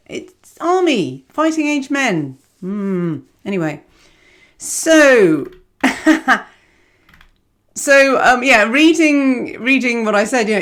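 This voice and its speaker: Chatty woman astrologer. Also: mid-range voice. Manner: rambling, digressive, self-mocking, laughs often. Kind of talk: casual chatty astrology reading.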